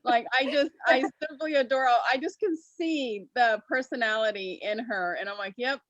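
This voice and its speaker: A woman's voice: a little high, normal speed, fairly bright tone, dry recording, lo-fi sound. A woman co-hosting a morning talk show, gushing and laughing easily. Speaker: co-host. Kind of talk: casual talk-show chat.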